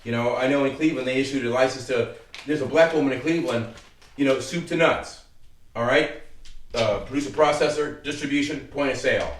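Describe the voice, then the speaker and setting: A man's voice: mid-range voice, a little fast. A middle-aged man hosting his own legal commentary, talking casually in a heated, rambling and profane way. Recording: roomy sound from a distant mic.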